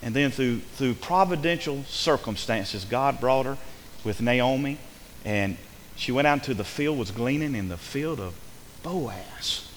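Preacher with a reverberant church sound. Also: male voice, medium pitch, lively intonation, unhurried. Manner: rising to fervent emphatic preaching, then dropping soft. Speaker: pastor. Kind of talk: sermon. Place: church sanctuary. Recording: reverberant hall with faint hiss.

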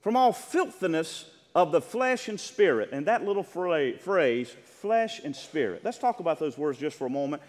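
A man's voice: a little high, sing-song, normal speed, few pauses, in a large hall. A man preaching a sermon with impassioned, rhythmic delivery, reading scripture and addressing the congregation.

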